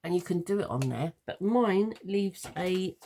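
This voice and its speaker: Homely English woman crafter, gravelly low voice, chatty, meandering tutorial delivery, faint background hiss. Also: animated, unhurried, warm tone. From London. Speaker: papercraft tutor. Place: home craft room.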